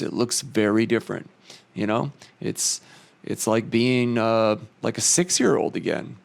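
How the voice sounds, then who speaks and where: Gravelly low-voiced man telling jokes. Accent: slight put-on southern American drawl. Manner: rambling, self-deprecating joke reading with fillers. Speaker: comedian. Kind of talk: casual stand-up monologue.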